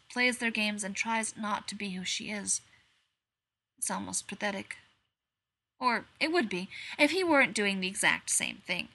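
A woman narrating a dark piece of fan fiction, measured and slowing on the grim lines. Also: mid-range voice. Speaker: reader.

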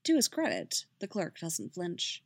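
A woman narrating a fan fiction story with expressive storytelling. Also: fairly low pitch, a little slow, dry recording.

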